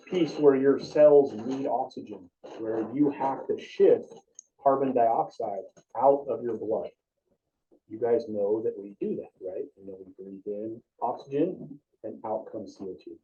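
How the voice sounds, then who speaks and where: A man leads an EMT class in a relaxed, informal way, questioning his students as he goes. His voice is dark and mellow. He is picked up from a distance in a classroom on a dull, lo-fi recording. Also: mid-range voice, a little slow. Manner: casual, asks the class questions. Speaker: EMT instructor.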